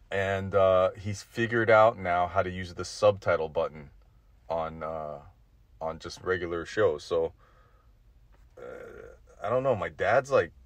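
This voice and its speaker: A man's voice: on the low side, dry recording. A man in his forties telling a rambling, profane story in a casual monologue, with nervous little laughs. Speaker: vlogger.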